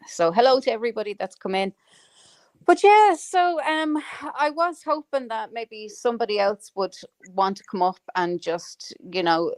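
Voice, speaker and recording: A woman's voice: fairly low pitch, no room sound. A woman hosting a casual live chat, rambling with lots of fillers and the odd swear word. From Ireland. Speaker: livestream host. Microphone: home microphone on a live stream.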